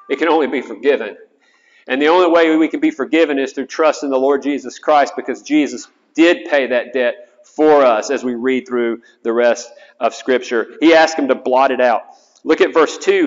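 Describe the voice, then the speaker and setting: A man, a chaplain, preaching an earnest sermon, often repeating words as he goes. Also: fairly high pitch. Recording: dull sound with long hall reverb.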